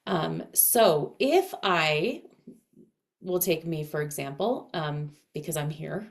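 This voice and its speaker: A woman teaching casually to camera in a dense, heavy voice, speaking expressively with clear inflection. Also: sits low, lively intonation, slow. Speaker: astrology and voice coach.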